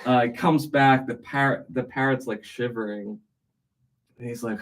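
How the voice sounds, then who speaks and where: A man's voice: mid-range voice, fairly even intonation, normal speed, rough recording. Tired man rambling through jokes. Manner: rambling, with many fillers and restarts. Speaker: livestream host. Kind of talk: casual joke telling.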